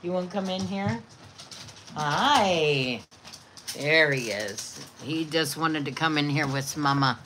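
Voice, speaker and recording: Slow, low-voiced woman. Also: a bit bright, slight background noise. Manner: doting baby talk to her dogs. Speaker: vlogger. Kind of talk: casual chat to viewers and pets.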